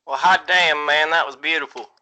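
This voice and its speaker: Bright-voiced laid-back male host. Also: fairly high pitch, fairly even intonation, normal speed, rough recording. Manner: laid-back, loose, swears casually. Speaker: interview host. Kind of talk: casual interview chat.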